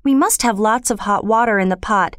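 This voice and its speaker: A woman's voice: mid-range voice, fairly quick, clean tone, dry recording, studio quality, lightly acted. A woman voicing an imaginative, talkative young orphan girl in a storybook reading, earnest and dramatic. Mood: urgent. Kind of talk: storybook character voice.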